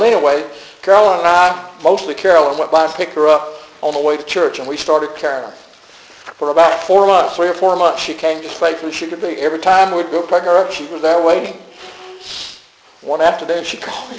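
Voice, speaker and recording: An older pastor preaching with a folksy, storytelling manner and frequent chuckles. His voice sits somewhat high for a man and swings from quiet asides to emphatic declarations. The sound carries a noticeable roomy echo. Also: slight background noise. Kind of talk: sermon.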